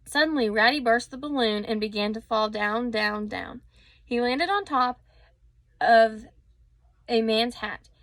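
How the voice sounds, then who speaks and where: A woman reading a children's story aloud with expressive storytelling and a few small slips. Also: on the high side, unhurried, no room sound.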